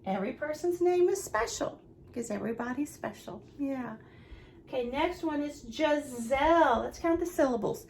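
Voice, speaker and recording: A young nursery teacher speaks in a high, slightly gravelly voice. She talks slowly and sweetly to small children in a patient, sing-song tone. A faint hiss sits behind her. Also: expressive, a little mellow. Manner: slow, sing-song, encouraging teacher talk.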